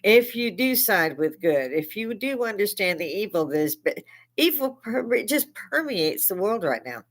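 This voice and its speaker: A woman's voice: medium pitch, sing-song, normal speed. Profane, heated older woman ranting. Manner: profane, heated, rising to shouts. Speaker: livestream host. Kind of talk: angry political rant; veteran speaking.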